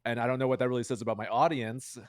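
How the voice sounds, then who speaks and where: The clip is dry and studio-clean: a young guest streamer with a medium-pitched voice that barely moves in pitch. He chats casually in the interview, rambling quickly and filling his speech with fillers.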